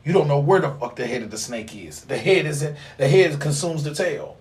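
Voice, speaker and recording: A man's voice: on the high side, normal speed. A man hosting a livestream, lecturing in a rambling, profane, preachy way full of slang. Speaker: livestream host teaching occult class. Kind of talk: casual livestream talk.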